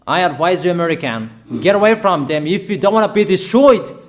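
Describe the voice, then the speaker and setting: A man's voice: high voice, expressive, a little fast. A man delivering a prophetic sermon, making emphatic, repetitive proclamations in non-native English phrasing. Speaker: preacher.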